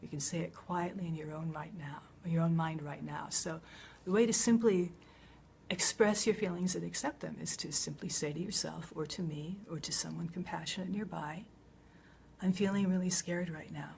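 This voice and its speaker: A woman speaking gentle guidance straight to the viewer, often dropping into a near whisper and growing more emphatic at times. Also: low-pitched, steady tone, moderate pace, creaky, slight background noise. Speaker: speaker of a public service video. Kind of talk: soothing spoken guidance to the viewer.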